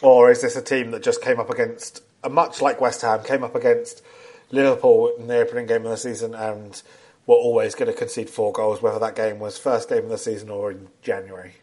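A bantering man hosts a relaxed football podcast, teasing his co-hosts and breaking into laughter as he talks. His voice sits at an ordinary middle pitch, and his delivery stays loose and chatty. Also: brisk. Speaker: podcast host. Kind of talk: casual football podcast chat.

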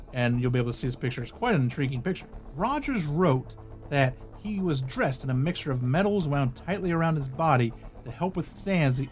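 A man hosting a podcast, reading an article aloud and breaking in with casual asides and small restarts. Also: mid-range voice. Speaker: podcast host.

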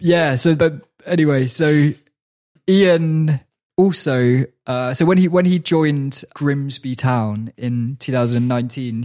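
A man hosting a chat podcast, telling a sports story at a mid pitch. He laughs often and restarts his sentences as he talks. It sounds easy and conversational. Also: darkish tone. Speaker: podcast host.

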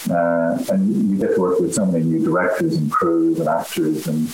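Irish guy with a low voice, stop-start chat, roomy echo and a bit of hiss. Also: level tone. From Ireland. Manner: halting, full of restarts and fillers. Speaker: actor, interview guest. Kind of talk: casual interview chat.

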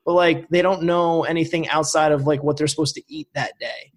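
A man's voice: on the high side, fairly even intonation, brisk. A young man from Vermont hosting a casual podcast chat, rambling with lots of fillers. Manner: rambling, filler-heavy, laughs easily. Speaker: podcast host.

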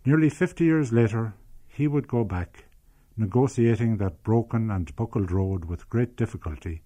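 A man's voice: fairly low pitch, normal speed, warm tone. An older man with an Irish accent, narrating a documentary in a lyrical, reminiscent way. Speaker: documentary presenter. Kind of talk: scripted narration.

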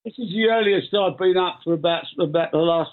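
A man's voice: high-pitched, fairly quick. Older London man on a phone line. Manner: relaxed storytelling with laughs. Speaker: guest. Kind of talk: interview.

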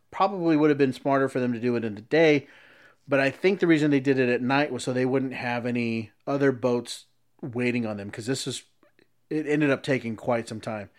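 A man casually telling a long story, often restarting sentences as he explains. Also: medium pitch.

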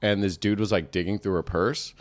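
Low-voiced laid-back man hosting. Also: fairly even intonation, a little fast. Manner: laid-back storyteller, chatty with fillers. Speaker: podcast host. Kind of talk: casual podcast chat.

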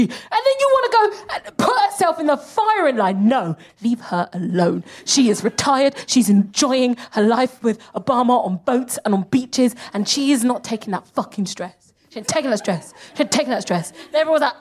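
A high, bright-toned woman in her thirties riffs on stage as a comedy co-host. Her voice leaps all over the place as she swears freely and drops into quick mocking impressions. Her delivery is loose and animated. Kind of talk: live comedy podcast stand-up chat. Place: live stage before an audience.

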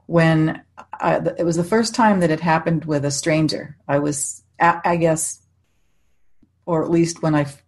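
A woman's voice: sits low, gravelly, a little mellow, husky. A middle-aged woman, a psychic medium, telling chatty stories in casual conversation, often laughing and restarting her sentences.

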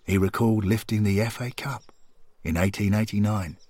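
A man narrating a scripted story in a calm, measured, earnest way. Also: fairly low pitch, dry recording. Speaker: podcast storyteller.

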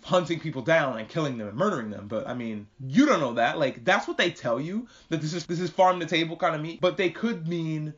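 A man from New York hosting a casual podcast recap, with profane, animated, rambling commentary. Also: a little high, quick pace, hardly any pauses. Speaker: podcast host. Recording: muffled lo-fi recording.

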